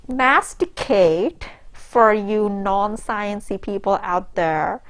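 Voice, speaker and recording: A woman reads from a bad book and breaks off to mock it, sarcastic and exasperated. Her voice sits at a middling pitch, and her asides are loose and packed with fillers. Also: a little slow, a little mellow. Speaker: comedic book reviewer. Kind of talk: mocking reading and commentary.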